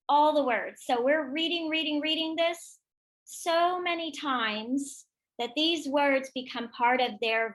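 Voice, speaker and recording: A woman's voice: high voice, fairly bright tone. A woman giving a professional development talk to teachers, demonstrating classroom vocabulary routines and call-outs. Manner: models classroom chants and call-outs with bursts of energy. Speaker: teacher trainer.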